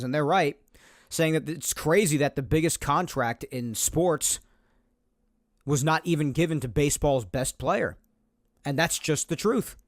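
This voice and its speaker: A man's voice: fairly high pitch, no room sound, clean studio sound. A man hosting a solo sports podcast, making his points emphatically and repeating them to drive them home. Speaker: podcast host. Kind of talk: opinionated solo sports talk.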